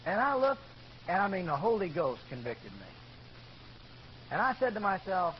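A man with a very high voice tells his own story from the pulpit, animated and conversational. The recording is muffled and lo-fi, with a faint hiss underneath. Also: normal speed, long pauses. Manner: animated storyteller, bursts into loud shouts in quoted lines. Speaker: preacher giving testimony. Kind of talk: sermon testimony storytelling. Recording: dull lo-fi recording with faint noise.

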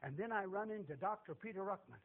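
An older man giving a folksy testimony sermon, animated and repetitive, chuckling as he tells it. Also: high-pitched, fast, phone-quality sound. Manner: animated, repetitive, laughs while telling.

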